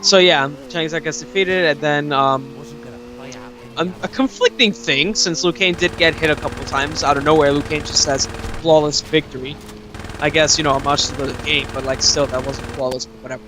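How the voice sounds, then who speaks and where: A man's voice: a little high, steady tone, moderate pace, background noise. A young man hosting a gaming video, rambling casually as he retells movie scenes. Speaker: let's play host. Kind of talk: casual gameplay commentary.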